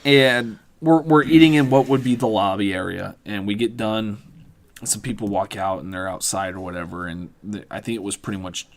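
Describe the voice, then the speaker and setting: A man's voice: lowish voice, steady tone, normal speed. A man, a podcast guest, telling a rambling, profane story in casual chat, often correcting himself as he goes. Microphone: studio mic.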